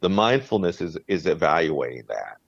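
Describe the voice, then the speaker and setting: In a casual chat, a man co-hosting a podcast talks thoughtfully and sincerely, often backing up to restart what he's saying. He has a deep, gravelly, sing-song voice with a breathy edge and a normal pace. The lo-fi recording is dry and dull, with no room sound.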